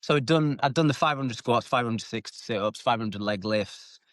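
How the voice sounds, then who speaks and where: A man's voice: medium pitch, normal speed, dry recording. British guy swearing his way through fight stories, dry close mic, plenty of energy. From United Kingdom. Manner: animated, swears freely, acts out shouted quotes. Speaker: retired MMA fighter, guest. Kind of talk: casual storytelling interview.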